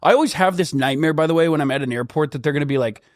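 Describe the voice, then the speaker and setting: A man's voice: fairly high pitch, rapid-fire, no echo, clean studio sound. A man in casual podcast chat, reacting with incredulous comments.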